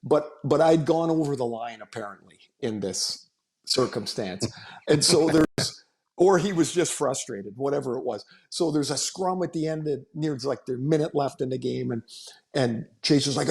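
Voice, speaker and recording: On a podcast, a middle-aged man who used to play hockey tells meandering, casual stories at a moderate pace. His voice is medium in pitch and a little mellow, and he laughs and restarts his thoughts as he goes.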